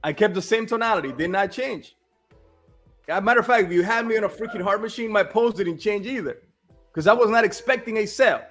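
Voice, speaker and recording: High-pitched guy talking business, blunt and punchy, keeps saying dude, faint music under it. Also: fairly quick, fairly bright tone. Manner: blunt, emphatic, repeats "all right?" and "dude". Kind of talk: casual business chat.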